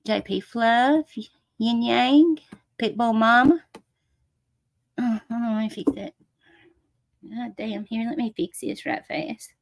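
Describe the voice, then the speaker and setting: A woman's voice: a little high, slow, gravelly, pauses often, no room sound. A woman hosting a casual livestream, greeting viewers with endearments and breaking into swearing rants. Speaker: livestream host. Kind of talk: casual live chat reading comments.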